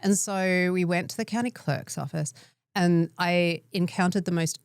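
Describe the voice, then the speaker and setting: A woman's voice: fairly low pitch, fairly even intonation, moderate pace, smooth, no echo, clean studio sound. An Australian woman co-hosting a podcast, telling wry, self-deprecating stories in casual chat. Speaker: podcast co-host.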